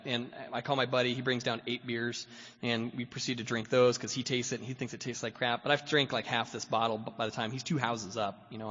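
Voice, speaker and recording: A man's voice: mid-range voice, a bit bright. A man giving a personal recovery testimony as a guest speaker, rambling and self-deprecating, full of "you know". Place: meeting hall. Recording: dull lo-fi hall recording with long reverb.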